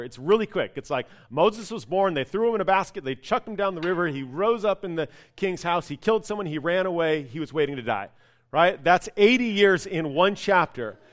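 A man with a fairly high voice preaching to his congregation. He tells the story in a chatty, animated way, drops casual asides and shifts his tone often. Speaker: pastor. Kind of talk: sermon.

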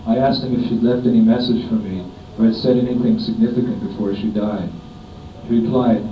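A middle-aged man reads a devotional homage letter aloud in a measured, solemn way. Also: steady tone. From United States. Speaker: disciple reading a homage letter. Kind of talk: reading a written devotional offering aloud. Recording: dull, echoey, distant room recording with faint rumble.

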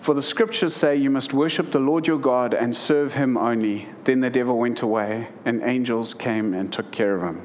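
A man's voice: mid-range voice, normal speed, few pauses, slight background noise. A man in his thirties preaching a sermon, reading scripture and then telling a personal story earnestly, with emotion and frequent restarts. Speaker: pastor.

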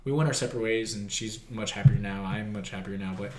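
A man's voice: fairly low pitch, quick pace, darkish tone, a little hiss or hum. A young man, a metal singer guesting on a podcast, telling candid stories in a laid-back, swear-heavy way. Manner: candid, laid-back, swears freely, says "dude" a lot. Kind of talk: casual storytelling chat. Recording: echoey room.

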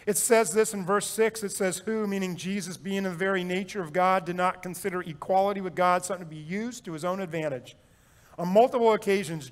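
Male pastor, high voice; sermon delivery, emphatic with repeated phrases and light humor. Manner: emphatic, swings between loud urging and quiet reflection; repeats phrases for effect, jokes and chuckles.

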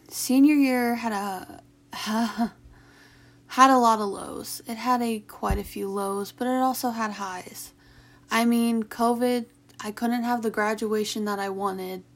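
Emotional young woman talking haltingly. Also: a little high. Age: young adult. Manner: halting, emotional, with sighs and restarts. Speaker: vlogger. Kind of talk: personal confessional talk.

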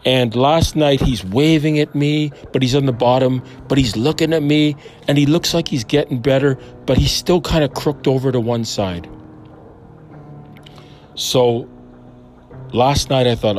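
A man in his fifties tells a personal faith story out loud, earnest and rambling, often stopping to question himself. His voice sits at an ordinary middle pitch for a man. Soft music plays faintly under him. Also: a little slow. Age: 50s. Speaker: Christian storyteller. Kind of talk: personal testimony monologue.

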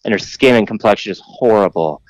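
A man on a podcast casually telling a rambling, profane story, mimicking other people in a higher voice. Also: brisk, dry recording, lo-fi sound.

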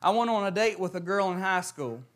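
A young preacher with a high voice delivers a sermon. He reads scripture and prays in a hushed way, then tells stories with mounting emphasis. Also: animated, brisk. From West Virginia.

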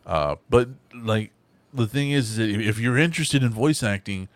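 A man with a very deep, low-pitched voice talks casually on a podcast as a voice actor and co-host. He tells stories loosely and sometimes drops into character voices. The sound is dry and close to the mic. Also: animated, normal speed, dry recording. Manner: storytelling, slips into gravelly character voices.

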